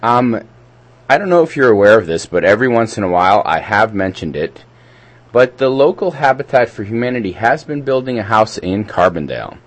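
A man's voice: fairly low pitch, sing-song, a little fast. A man co-hosting a community radio show, chatting casually and reading out local event listings in a rambling way. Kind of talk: casual radio chat and announcements.

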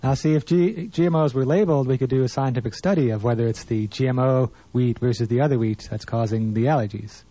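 A man's voice: mid-range voice, fast talker, hardly any pauses, warm tone, no echo. A man co-hosting community radio news, agreeable and earnest, slipping in dry puns. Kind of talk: casual on-air chat and listings.

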